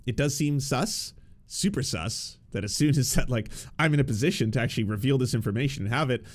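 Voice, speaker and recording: A man's voice: medium pitch, a little fast. A man giving casual, sarcastic political commentary, often restarting his words.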